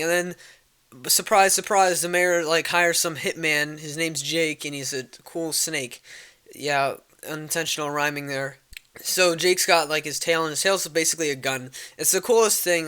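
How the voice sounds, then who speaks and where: A man's voice: fairly high pitch, normal speed, bright, forceful tone, clear, resonant tone. A young man casually recapping a movie plot, rambling with lots of fillers and swearing. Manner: rambling, filler-heavy and profane. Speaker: vlogger.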